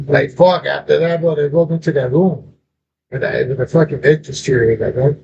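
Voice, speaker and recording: A man's voice: fairly high pitch, steady tone, a little fast, vocal fry, warm tone. A man telling a personal story in casual talk, profane and full of street slang, calling his listener bro. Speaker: podcast host. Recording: dull lo-fi audio with faint noise.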